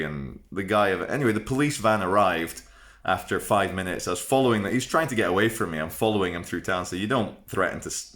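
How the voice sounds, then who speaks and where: A man's voice: low voice, a bit bright. A man in his thirties telling a personal story to camera in a chatty, rambling, frank way, with fillers and restarts. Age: 30s. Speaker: vlogger.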